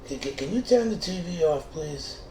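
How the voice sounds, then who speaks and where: A man's voice: on the high side, lively intonation, normal speed, a little mellow, pitched above the performer's own voice, close to an everyday voice. A man voicing a whiny young male roommate who sulks and makes threats, in a told story. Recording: echoey room, distant mic, faint noise.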